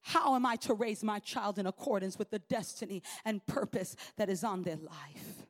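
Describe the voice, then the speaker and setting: A woman's voice: mid-range voice, normal speed. A woman preacher delivering a sermon in an emphatic, repetitive preaching cadence.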